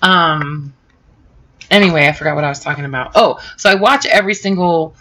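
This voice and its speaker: A woman's voice: sits low, fairly quick, bright, forceful tone. A middle-aged woman host chatting casually and rambling with lots of fillers while crafting on a live stream. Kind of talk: casual chat with live viewers.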